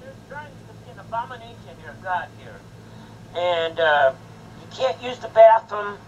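A man's voice: high voice, expressive, unhurried. A man, a pastor, lecturing bluntly and sternly during a confrontation in a church. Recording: muffled with faint background noise.

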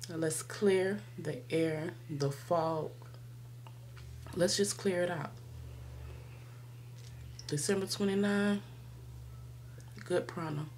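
Woman tarot reader, casual and slangy, lower voice, noise behind her. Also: fairly even intonation, very slow, pauses often, a little mellow. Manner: laughs often, chatty, slangy.

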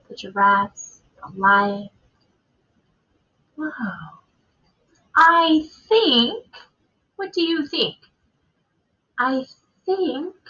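A woman teacher with a bright, somewhat high voice gives a recorded reading lesson for children. She reads a picture book aloud with expression, stopping often to ask the listener questions. The sound is a little dull and lo-fi. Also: husky.

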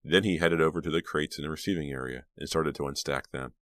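A man narrating an audiobook in a steady, measured storytelling manner on a close mic. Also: rumbling low, no room sound. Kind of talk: scripted narration.

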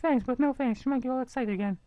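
A woman's voice: high-pitched, fast talker, mellow, dry recording, lo-fi sound, lightly acted. A woman voicing a blunt, sarcastic teenage girl classmate who makes dry, dismissive retorts.

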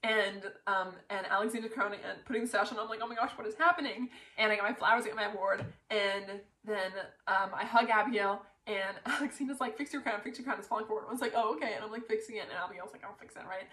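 A woman excitedly retelling her pageant win to camera, talking in a breathless rush full of "like" fillers. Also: mid-range voice, quick pace, hardly any pauses. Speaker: pageant titleholder. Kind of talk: casual storytelling to camera. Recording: roomy echo.

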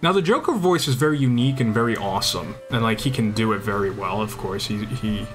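A man's voice: fairly low pitch, lively intonation, fast talker, soft background music. A young man chatting casually while streaming a game, rambling and enthusiastic, often restarting his sentences. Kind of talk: casual chat while gaming.

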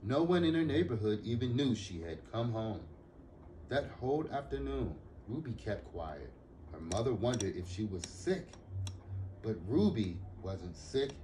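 Man reading a children's story, low voice, lively intonation, expressive. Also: measured pace, a little hiss or hum. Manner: expressive, animated read-aloud. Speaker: storyteller for an after-school program. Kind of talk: reading a picture book aloud.

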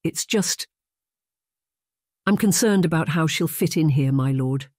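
A narrator voicing a worried, deferential household maid who speaks in a hushed, hesitant way. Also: female voice, deep voice, measured pace, no echo, clean studio sound.

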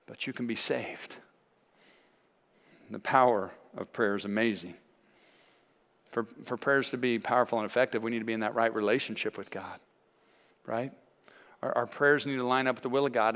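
A man's voice: a little high, a bit bright. Man preaching in a reverberant church. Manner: earnest preaching, acts out voices in stories. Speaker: pastor. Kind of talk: sermon. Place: church sanctuary.

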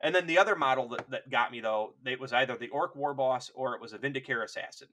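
A man's voice: medium pitch, fast, pushed and bright, a little hiss or hum. A man co-hosting a podcast in casual chat, rambling along with jokes and restarts. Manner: rambling, hesitant restarts, jokey. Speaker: podcast co-host.

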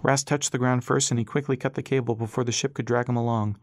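A man reading an audiobook as narrator, in a steady storytelling manner. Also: mid-range voice, fast talker, no room sound.

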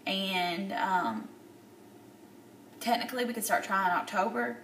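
Woman in her thirties, tearful video diary, halting, lots of fillers; roomy echo, mic set back. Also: medium pitch, fairly bright tone, distant mic, a little hiss or hum. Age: 30s. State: upset, near tears. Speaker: vlogger.

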